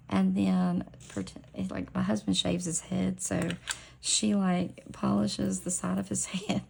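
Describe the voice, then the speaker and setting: A middle-aged woman chatting casually at home while doing nail art, rambling and dropping into soft whispers as she works. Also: mid-range voice, vocal fry, a little hiss or hum. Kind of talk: casual chat while stamping nails.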